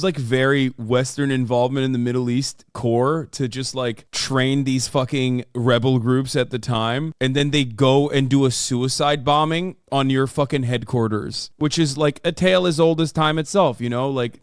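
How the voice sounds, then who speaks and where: A man's voice: medium pitch, smooth, dry recording, studio quality. A man streaming and reacting to clips, talking casually with profane, mocking disbelief, often mimicking the people he watches.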